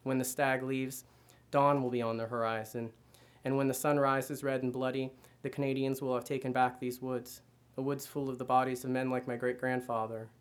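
A man giving a measured first-person reading of literary fiction. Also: medium pitch, flat delivery, clear, resonant tone. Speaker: reader.

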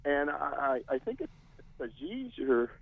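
A man's voice: mid-range voice, expressive, normal speed, narrow, tinny audio. A middle-aged man calling in to a radio show, speaking hesitantly with many restarts and fillers. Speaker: caller. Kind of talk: call-in radio chat.

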